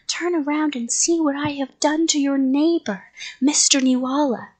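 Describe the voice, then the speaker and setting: A woman doing a loud, drawn-out storybook monster. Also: high-pitched, voice pushed up, lightly acted. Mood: commanding. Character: costumed male monster, playful prankster. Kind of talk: storybook reading aloud.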